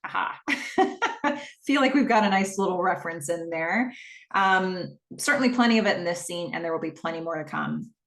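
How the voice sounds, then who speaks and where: A woman's voice: on the low side, expressive, moderate pace, a bit bright, echoey room. A woman hosting a podcast, casually retelling a TV episode scene by scene and quoting the characters as she goes. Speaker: podcast host.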